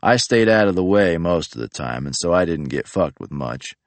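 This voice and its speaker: A man narrating an audiobook in a deadpan, matter-of-fact way. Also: sits low, normal speed, dry recording.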